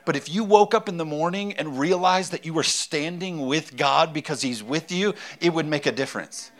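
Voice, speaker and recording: A man's voice: a little high, moderate pace, a bit bright. A man preaching a sermon as pastor, talking in a conversational, emphatic way and repeating his key phrases.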